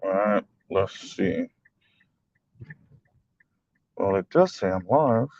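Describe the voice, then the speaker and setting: A man's voice: deep voice, animated, a little slow, creaky, darkish tone, dull audio, a little hiss or hum. A man hosting a live stream, ranting and mocking as he comments, often swearing and laughing.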